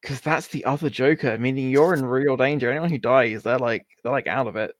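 A man's voice: mid-range voice, fairly quick, dry recording, clean studio sound. A man narrating as game master in a casual, rambling way, full of "like" and filler words. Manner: rambling, filler-heavy, giggly.

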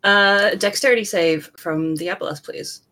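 A woman player in a tabletop game, describing her character's actions deliberately. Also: medium pitch, sharp tone. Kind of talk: casual tabletop game play.

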